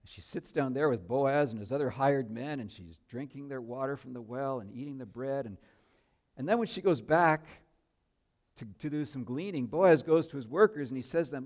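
A man preaching a sermon, telling a story in an animated way with joking asides to his listeners. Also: mid-range voice, brisk.

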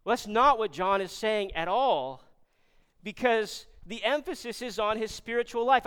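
Pastor, male, casual sermon delivery, smooth and slightly high voice, surges loud then drops quiet. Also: normal speed. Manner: conversational, animated preaching with frequent "right?"; rises loud and high when emphatic, drops low and soft on key points.

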